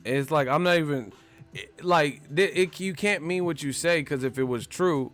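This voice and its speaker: A man's voice: fairly high pitch, normal speed, a bit bright, soft background music. A man hosting a boxing vlog, who talks in a brash, slangy and profane way. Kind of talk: casual, brash commentary.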